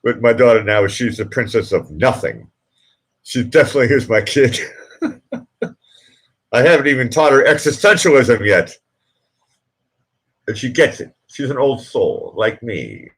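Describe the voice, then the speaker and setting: A man's voice: medium pitch, big pitch swings, unhurried, long pauses, fairly bright tone. A middle-aged man hosting a casual live stream, chatting with viewers in a rambling, self-interrupting way and chuckling at his own jokes. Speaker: livestream host.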